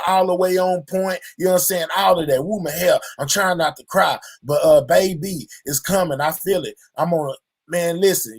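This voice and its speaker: A man hosting his own channel, speaking openly and reflectively to his viewers and filling his talk with constant verbal tics. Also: sits high. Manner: drawling, fills nearly every line with "you know what I'm saying". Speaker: channel host. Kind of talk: heartfelt personal monologue to viewers.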